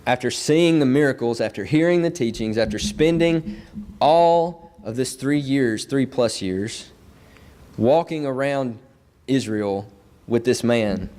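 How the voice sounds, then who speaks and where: A man's voice: mid-range voice, darkish tone. A young man preaching a sermon in a church, earnest and building his points through repeated phrases. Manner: earnest, repetitive emphatic phrasing.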